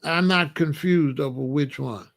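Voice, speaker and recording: A man's voice: fairly high pitch, measured pace, gravelly. A middle-aged man from the United States telling a story in a casual monologue, repeating phrases for emphasis. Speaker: commentator.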